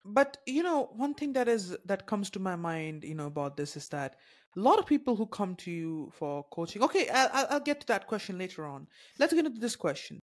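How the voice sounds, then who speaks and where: A man hosting a podcast interview, talking in an animated way, rephrasing as he goes and acting out little everyday scenes. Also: high-pitched, fairly quick. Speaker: podcast host. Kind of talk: conversational interview.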